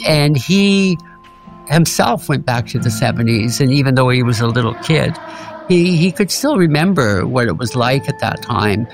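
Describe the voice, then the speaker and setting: A man's voice: mid-range voice, lively intonation, moderate pace. An older man, a former music teacher, telling stories in an interview and laughing often. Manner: warm storytelling, laughs often. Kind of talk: reflective interview.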